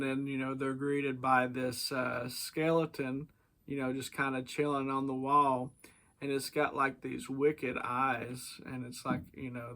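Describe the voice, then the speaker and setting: A man's voice: medium pitch, fairly bright tone. A man casually reviewing a book, hesitant with many fillers and chuckles.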